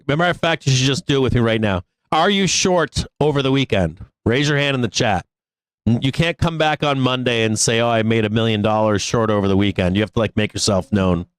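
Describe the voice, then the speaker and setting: A man's voice: mid-range voice, smooth, no room sound. A man hosting a live trading stream, venting angrily and swearing about a lost trade. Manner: profane, angry and venting, with bursts of laughter. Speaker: livestream trading show host.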